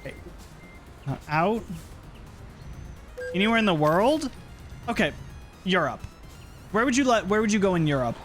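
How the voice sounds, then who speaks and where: A man's voice: high voice, very animated, normal speed, long pauses, fairly bright tone. A young man streaming a driving game, chatting casually with viewers and reacting aloud to the road. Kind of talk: casual gameplay commentary. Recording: game music behind.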